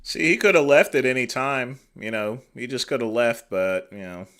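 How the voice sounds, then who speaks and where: American guy on his stream reacting to a clip, amused and chatty, bouncy bright voice. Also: medium pitch, expressive, normal speed. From United States. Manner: amused, chatty, laughs along. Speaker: livestream host reacting to a video. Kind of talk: casual reaction commentary.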